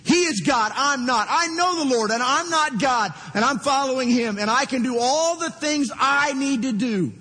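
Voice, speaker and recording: A man preaching a sermon with strong passion, swinging between loud highs and low hushed tones. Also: expressive, normal speed, few pauses, breathy edge. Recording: echoey church hall sound.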